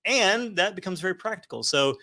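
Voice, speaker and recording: A man speaking as a guest in a casual interview, relaxed, with dry teasing humor. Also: high-pitched, a little fast. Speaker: guest, company CEO.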